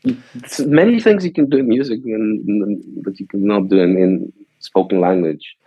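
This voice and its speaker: A man's voice: lowish voice, normal speed, breathy edge, no echo, highs cut off. A man, a guest violinist, speaking thoughtfully and hesitantly in an interview. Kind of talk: conversational interview.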